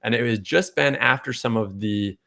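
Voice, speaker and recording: A man hosting a casual podcast chat, telling a rambling story and getting animated when he quotes people. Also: medium pitch, moderate pace, creaky. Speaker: podcast host.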